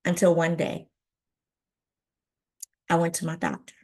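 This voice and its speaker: A woman giving a keynote talk, telling a personal story in an animated way and acting out the dialogue. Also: lowish voice, measured pace. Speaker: keynote speaker.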